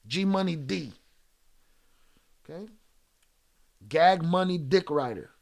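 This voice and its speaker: A man's voice: on the high side, expressive, slow, gravelly. A man, streaming and heatedly berating a viewer in chat, swearing hard. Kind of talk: angry livestream rant.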